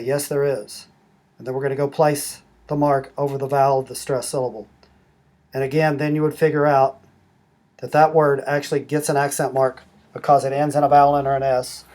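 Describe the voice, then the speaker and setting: A middle-aged man walking through a language-learning app step by step, explaining rules slowly and methodically. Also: fairly high pitch, a little mellow. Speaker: app demonstrator. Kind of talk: screen-recorded app tutorial.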